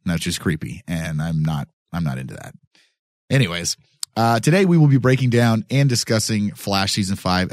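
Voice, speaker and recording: Joking low-voiced man hosting a podcast. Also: no room sound, clean studio sound. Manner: loose, joking, rambling with restarts. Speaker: podcast host. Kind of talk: casual podcast chat. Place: small studio.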